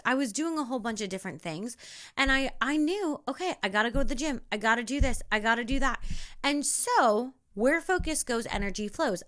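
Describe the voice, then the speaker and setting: A young woman hosting a spiritual self-help podcast, talking in an emphatic, repetitive, animated way. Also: on the high side. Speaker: podcast host.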